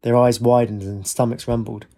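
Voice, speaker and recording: A man reading a story aloud in a steady, even storytelling manner. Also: medium pitch, moderate pace. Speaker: narrator. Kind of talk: storybook narration.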